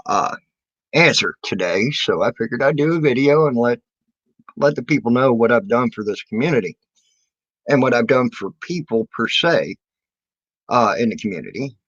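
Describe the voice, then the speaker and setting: A man's voice: mid-range voice, a bit bright, dry recording, lo-fi sound. A man speaking casually to his viewers in a rambling, defensive way, full of fillers and restarts. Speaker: video maker answering his community.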